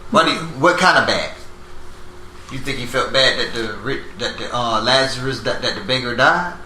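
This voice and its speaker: A man teaching a Bible class, asking students questions, repeating their answers and slowing down to stress each point. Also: medium pitch, lively intonation, pushed and bright. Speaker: teacher leading a Bible study. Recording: echoey room with faint noise.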